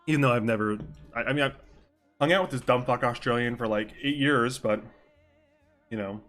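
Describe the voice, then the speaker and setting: A man's voice: medium pitch, brisk, fairly bright tone, faint music behind. Young man streamer, casual and joking. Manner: loose, joking, swears freely, laughs often. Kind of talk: casual live-stream chat during game role-play.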